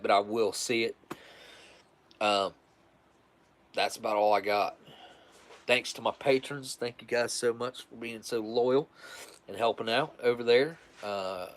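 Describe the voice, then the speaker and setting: A man hosting a casual livestream, chatting in a rambling, relaxed way and repeating words as he thanks his viewers. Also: lowish voice. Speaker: livestream host. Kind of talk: casual livestream sign-off chat.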